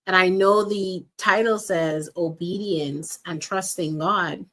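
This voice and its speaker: A woman's voice: lowish voice, slow pace, few pauses, fairly bright tone. A woman coach giving an earnest faith-based motivational talk, repeating key phrases and speaking straight to her listeners.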